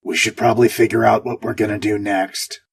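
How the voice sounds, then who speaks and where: Brief: gruff station commander, reluctant authority, gravelly low voice, read by a male narrator. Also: flat delivery, a little fast. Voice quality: gravel-rough. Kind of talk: audiobook character reading.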